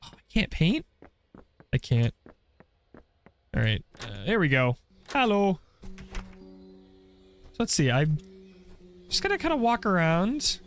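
A man's voice: sits high, wildly swooping pitch, takes it slowly, pauses often, faint music behind. A young man joking his way through a game playthrough with playful commentary. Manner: playful, joking, frequent laughs. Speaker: gaming video creator.

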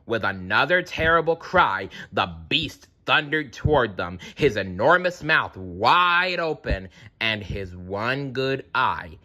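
Male storybook narrator, unhurried, dramatic and lively reading. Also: mid-range voice. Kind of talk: storybook read-aloud.

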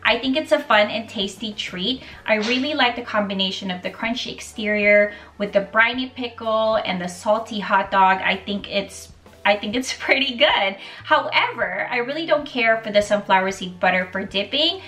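A woman's voice: medium pitch, moderate pace, bright, forceful tone, far from the mic. A woman hosting a casual cooking and tasting vlog, talking in an upbeat, chatty way with light laughs. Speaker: cooking vlogger and host. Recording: off-mic with faint background music.

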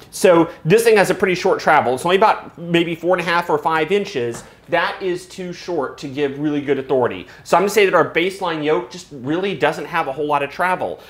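A man hosting a casual product review, chatting at length and explaining things, often breaking into laughs. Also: fairly high pitch. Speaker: host reviewing flight sim gear. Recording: roomy echo.

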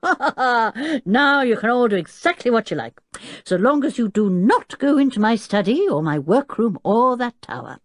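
A woman voicing a loud, absent-minded scientist father with a bluff, hearty, booming manner in a storybook reading. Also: big pitch swings, normal speed, dry recording, clean studio sound.

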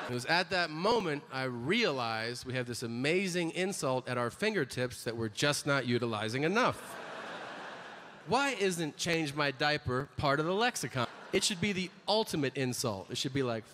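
Man, stand-up comedian, theater stage, lively storytelling, long hall reverb, faint noise. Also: normal speed. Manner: animated storytelling, jumps high for quoted voices.

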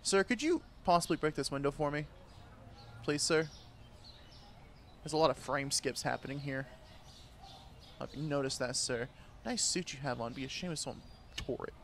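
Male gaming commentator, brash trash-talker, highish lively voice, faint background hiss. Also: moderate pace, pauses often. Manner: loud, crude, laughing trash talk at game characters. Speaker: gaming YouTuber. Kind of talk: gameplay commentary.

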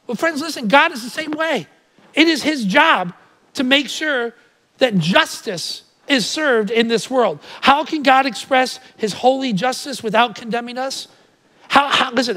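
A man preaching a sermon to his congregation, energetic and emphatic, asking them rhetorical questions. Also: extremely high pitch. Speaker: pastor. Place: church auditorium.

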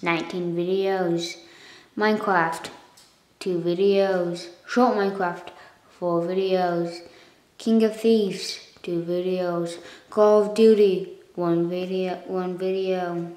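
In this casual thank-you vlog shot on a phone, a woman who owns the channel speaks slowly in a lowish, slightly mellow voice with fairly even intonation. The room echoes, and she rambles, self-corrects, coughs and clears her throat as she talks to viewers.

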